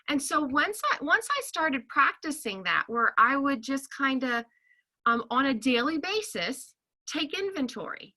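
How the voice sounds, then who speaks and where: A high-pitched woman gives a friendly talk as a counselor to a group of women. Her voice is very bright and ringing, and she keeps her listeners close with constant "okay?"s and "right?"s, laughing easily between points. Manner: chatty, checks in with "okay?" and "right?"; animated, laughs often. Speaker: licensed counselor.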